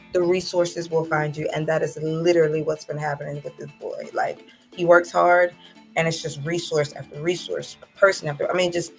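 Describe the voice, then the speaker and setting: A woman with a slightly low voice talks openly and with feeling, as a proud mother in a casual conversation. She gets animated and laughs easily. Soft music plays faintly underneath. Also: gravelly. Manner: emotional, animated, laughs often. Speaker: guest, mother of a young athlete. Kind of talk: casual heartfelt chat.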